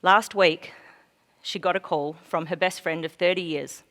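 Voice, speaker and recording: An Australian woman gives a keynote on stage, telling a personal story from the heart. She moves between full, ringing lines and near-hushed moments. Her voice carries a long hall reverb. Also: fairly low pitch, steady tone, unhurried. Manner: heartfelt, swings from loud to hushed. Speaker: keynote speaker.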